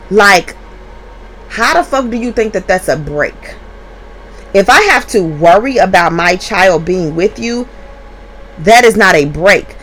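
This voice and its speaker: A woman's voice: medium pitch, fairly bright tone, slight background noise. A young woman and mother telling a story to her viewers in a casual, profane and emphatic way.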